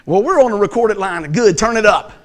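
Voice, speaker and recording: A middle-aged man preaching a sermon as pastor, animated and joking, telling stories and acting out voices. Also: sits high, a little fast. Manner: animated, joking storyteller who acts out voices.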